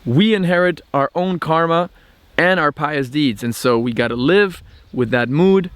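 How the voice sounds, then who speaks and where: Brief: male vlog host, slightly high voice, reflective and explanatory, lots of "um"s. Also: measured pace, smooth, no echo. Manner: thoughtful, explanatory, with frequent "um" and restarts. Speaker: channel host. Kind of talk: reflective spiritual vlog monologue.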